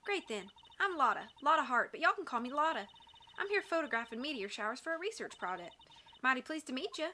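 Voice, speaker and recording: A woman's voice: high-pitched, big pitch swings, fast talker, sharp tone, a little hiss or hum, exaggerated voice. A woman voicing a brash Southern woman photographer in a video game, with a put-on Southern drawl and a feisty, folksy way of talking. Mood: friendly. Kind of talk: video game voice-over reading.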